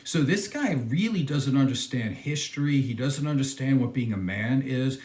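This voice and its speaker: A man reacting to a video, his pitch swinging widely as he scoffs and presses his points. His voice carries an echo from the room. The delivery is emphatic and incredulous. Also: lively intonation, moderate pace, darkish tone. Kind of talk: casual commentary reacting to a video.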